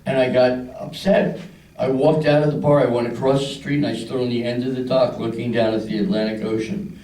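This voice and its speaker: Older man from Philadelphia, stand-up comic, mellow low voice, roomy live venue, distant mic. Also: fairly even intonation, brisk. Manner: crude storytelling with voices for characters. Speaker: stand-up comedian. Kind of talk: stand-up routine. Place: club stage.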